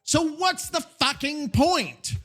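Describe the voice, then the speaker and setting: Worn-out podcast dude ranting, high voice swinging all over, lots of swearing. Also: male voice, takes it slowly, faint music behind. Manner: profane, rambling, animated. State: tired. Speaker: podcast host. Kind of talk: casual solo podcast rant.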